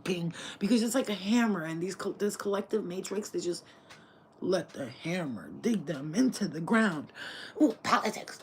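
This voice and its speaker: A woman channeling spirit messages in a casual livestream talk, animated and profane, dropping to whispers and then shouting. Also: fairly low pitch, a little hiss or hum. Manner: animated, swings between whispers and loud outbursts, swears freely.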